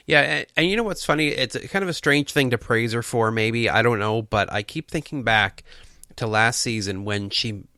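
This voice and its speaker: A man's voice: mid-range voice, normal speed, pushed and bright, dry recording, studio quality. A man co-hosting a casual podcast, talking earnestly and with enthusiasm in bursts, with restarts. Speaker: podcast co-host.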